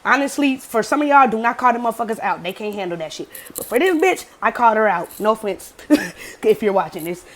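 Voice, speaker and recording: Young woman, slightly high voice, casual storytime vlog, animated, swears a lot. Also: brisk. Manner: profane, animated storytelling with acted quotes. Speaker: vlogger.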